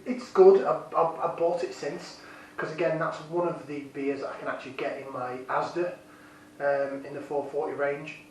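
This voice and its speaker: A man casually reviewing a beer, enthusiastic and rambling, deliberately keeping his voice down, recorded on a camera's built-in microphone. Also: a little high, darkish tone. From United Kingdom. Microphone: built-in camera mic. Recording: very echoey room, distant mic, faint noise.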